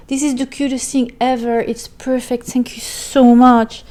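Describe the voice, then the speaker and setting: A woman's voice: fairly high pitch, flat delivery, unhurried, darkish tone. A woman hosting a crochet channel, chatting casually on camera while she opens packages from viewers and thanks them at length. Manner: gushing, effusive, repeats "so, so much". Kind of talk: casual vlog, opening mail on camera.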